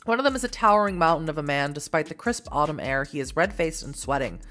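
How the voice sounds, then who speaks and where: A woman reading an interactive text game aloud in an expressive way, breaking off for casual, laughing asides. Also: low voice, fast. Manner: expressive reading, laughs at her own slips.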